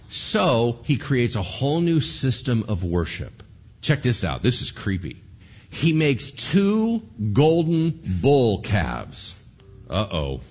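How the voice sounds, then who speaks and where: A male pastor preaches with a husky, slightly rough voice that leaps wildly up and down in pitch. He keeps firing rhetorical questions at his congregation. The recording sounds dull and lo-fi. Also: wildly swooping pitch, slow pace. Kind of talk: sermon.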